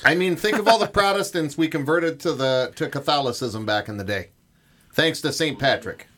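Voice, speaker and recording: A man's voice: fairly high pitch, moderate pace, a bit bright. A man teasing and joking in a casual radio chat.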